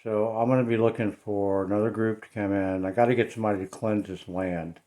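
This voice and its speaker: A man's voice: fairly low pitch, fairly even intonation, fairly quick, dark tone. A man talking casually in a home vlog, hesitant and uneasy, with lots of ums and uhs. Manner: hesitant, many fillers, uneasy. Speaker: paranormal vlogger. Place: his home, indoors.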